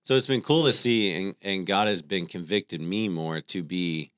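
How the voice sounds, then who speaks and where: This is a man in his thirties with a deep voice, co-hosting a faith podcast and telling family stories in a relaxed, conversational way. The recording is close and dry. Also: normal speed, smooth, no echo. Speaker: podcast co-host.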